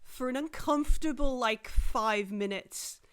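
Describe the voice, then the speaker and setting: A woman narrating a tabletop game as game master, in a fairly high voice. She rambles, restarts and fills gaps as she sets each scene. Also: measured pace, fairly bright tone, smooth. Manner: rambling, many fillers and restarts, acts out characters.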